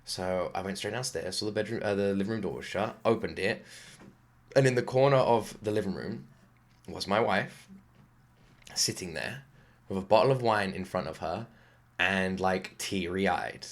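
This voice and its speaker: A British man with a slightly low voice talks casually to the camera in his home office. He rambles excitedly, packing his stories with fillers like "like" as he hosts a music reaction channel. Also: moderate pace. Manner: rambling, excitable storytelling with lots of "like".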